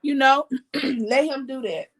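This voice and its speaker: A hoarse woman hosts a casual talk show, her morning voice gravelly and a touch high. She chats in an animated way, reads comments aloud and moves from announcements to viewer replies. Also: takes it slowly. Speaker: podcast host.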